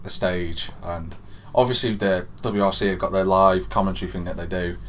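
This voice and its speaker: A young man co-hosting a podcast, telling an excited story that swings from hushed to loud. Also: low voice, normal speed, slight background noise. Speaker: podcast co-host. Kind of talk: excited casual chat.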